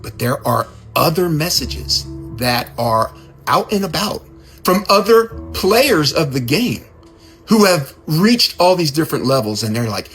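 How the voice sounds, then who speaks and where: A man giving a casual, conversational sermon, animated and given to repeating his words. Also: on the high side, measured pace, faint music behind. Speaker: speaker.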